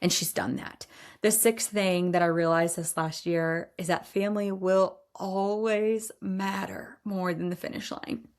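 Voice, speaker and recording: A woman's voice: fairly low pitch, fairly even intonation, a little slow. A woman in her forties hosting a podcast, telling personal stories in a candid, emphatic way and laughing now and then. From Iowa. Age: 40s. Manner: candid, emphatic, says y'all, laughs often. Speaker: podcast host. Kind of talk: personal storytelling monologue.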